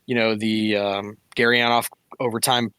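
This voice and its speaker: A man with a fairly low, bright, forceful voice speaks at normal speed with a flat, smooth delivery and no room sound. He co-hosts a podcast, chatting about hockey casually and analytically with lots of fillers.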